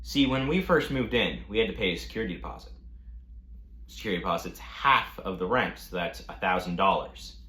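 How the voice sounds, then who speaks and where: Animated young man telling a rant. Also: low-pitched, fairly quick. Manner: animated, profane storytelling. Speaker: vlogger. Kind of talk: storytime rant. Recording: echoey room.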